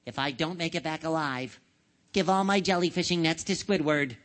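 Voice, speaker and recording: A man's voice: on the high side, normal speed, a bit bright, natural voice. A man voicing a cheery, brave young male sea sponge in an earnest, reassuring tone, read from a storybook. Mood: bold.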